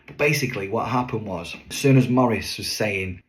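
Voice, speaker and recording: A man's voice: fairly low pitch, a little fast, few pauses. A man, a singing waiter, chatting to camera as he tells a story from a show. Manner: chatty, lively, with fillers and asides.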